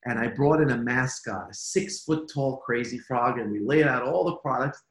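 A man in an interview who tells business stories in an animated way, repeating himself and laughing easily. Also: mid-range voice, moderate pace. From United States. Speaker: toy company executive. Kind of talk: conversational interview. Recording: echoey room.

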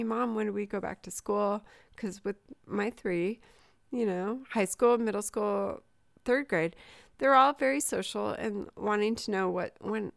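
A woman's voice: medium pitch, gravelly, no room sound, studio quality. A woman in her forties, a mother from Southern California, telling a personal story in a candid, emotional way with many fillers in a casual chat.

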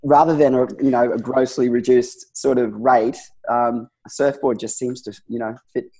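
A man's voice: medium pitch, little pitch movement, moderate pace, dark tone. A man with an Australian accent, a designer and letterer, chatting easygoingly as an interview guest. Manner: laid-back, easygoing, hesitant with ums. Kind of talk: casual interview chat.

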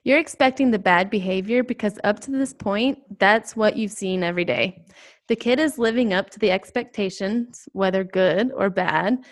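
Woman podcast co-host with a mid-pitched voice, emphatic and chatty. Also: normal speed. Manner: emphatic, repeats key points. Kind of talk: conversational podcast advice.

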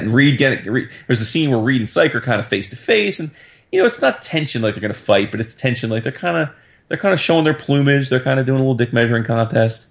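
An excitable man hosting a casual podcast, his voice sitting at an ordinary pitch. He talks fast and slangy, with plenty of swearing and fillers. The audio sounds dull and lo-fi. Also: vocal fry. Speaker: podcast host. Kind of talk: casual comic book recap chat.

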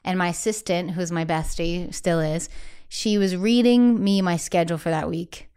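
A woman guest singer chatting casually in an interview, animated and acting out quotes in other voices, laughing often. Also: lowish voice, moderate pace, smooth.

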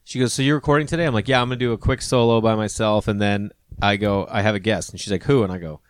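A man's voice: lowish voice, quick pace, smooth, dry recording. Man in his 30s or 40s, comic-turned-podcast host, loose conversational delivery, dry mic. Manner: relaxed, rambling, acts out quoted people. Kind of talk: casual conversation.

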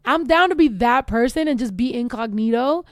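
A woman's voice: fairly high pitch, lively intonation, moderate pace, crowd noise. A woman co-hosting a podcast, telling brash, profane stories in casual slang-filled chat. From Mexican heritage. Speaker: podcast co-host.

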